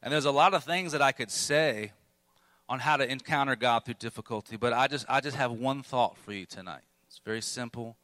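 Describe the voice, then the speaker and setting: A man's voice: medium pitch, a little fast, pushed and bright, no room sound. A man preaching a sermon, telling his own struggles candidly with bursts of emphasis. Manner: candid, self-deprecating storytelling with bursts of emphasis.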